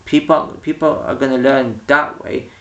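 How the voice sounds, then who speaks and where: Man, gravelly, casual rant, rambling, echoey room, a bit off-mic. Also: medium pitch, fairly even intonation, normal speed, distant mic, dull audio. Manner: rambling, with many restarts and quoted voices. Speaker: vlogger. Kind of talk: casual opinion rant to camera.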